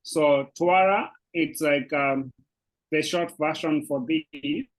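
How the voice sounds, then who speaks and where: A man's voice: fairly high pitch, sing-song, takes it slowly, rough recording. A man who speaks natively, teaching a language lesson in English with a hesitant manner full of fillers and restarts. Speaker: Swahili teacher. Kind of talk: explaining an online language lesson.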